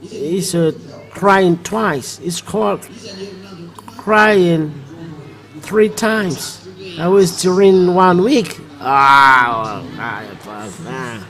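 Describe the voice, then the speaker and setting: A man preaching a live church sermon, halting with many fillers and restarts. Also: a little high, a bit bright, rough recording.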